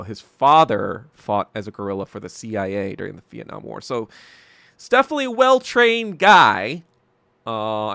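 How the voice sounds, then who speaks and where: A man hosts his podcast alone, ranting profanely and with plenty of heat. His voice is bright and edged, with a gravelly fry under it. The sound is close and dry. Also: medium pitch, no echo. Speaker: podcast host. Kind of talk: casual solo commentary.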